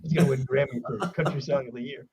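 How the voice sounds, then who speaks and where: A man hosting a morning radio show, bantering in an animated, jokey way, swinging between loud outbursts and quiet asides. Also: medium pitch, fast talker, slightly rough. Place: radio studio.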